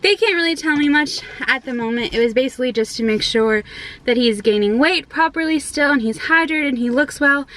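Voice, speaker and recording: A woman's voice: high-pitched, a little fast, a bit bright, poor audio. A young woman and mother talking casually to her viewers in a family vlog, chatty and full of loose asides. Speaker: vlogger and mother.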